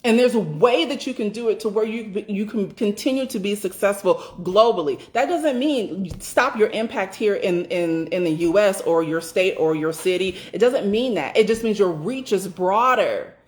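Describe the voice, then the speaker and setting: A woman speaks in a mid-pitched voice, giving a casual motivational talk about doula business. She drives points home by repeating them and swears freely. Now and then she rushes through imagined inner thoughts. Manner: emphatic, repeats phrases for stress, swears freely; acts out inner thoughts in quick rushed asides.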